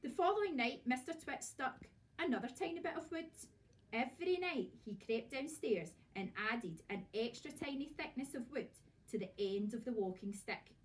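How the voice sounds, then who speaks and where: A woman teacher with a Scottish accent, reading a storybook aloud to children in a lively, expressive way. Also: high-pitched, normal speed. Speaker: primary school teacher. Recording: voice from far off.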